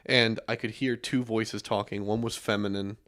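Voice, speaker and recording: Deep-voiced young man telling stories. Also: normal speed. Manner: relaxed storyteller, many fillers and restarts. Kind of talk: casual podcast chat.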